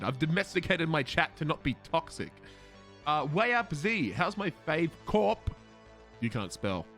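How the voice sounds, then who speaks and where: A young man with an Australian accent talks to his stream viewers in a loose, chatty way. His voice is bright and swings up and down, and now and then he swears and laughs at himself. Faint music plays under his talk. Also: mid-range voice. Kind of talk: casual chat with stream viewers.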